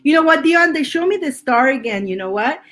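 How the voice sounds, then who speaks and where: A woman's voice: high voice, animated, fairly quick, fairly bright tone, poor audio. A woman giving a live tarot reading, chatty with her viewers and laughing often, her voice worn from laughing. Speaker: tarot reader.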